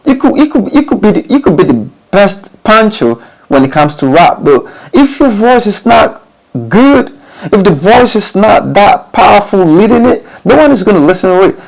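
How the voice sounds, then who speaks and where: A man's voice: high-pitched, big pitch swings, moderate pace, gravelly, rough recording. A man hosting a studio channel, giving casual advice to recording artists, with emphatic rhetorical questions and many restarted phrases. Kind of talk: casual talk to camera.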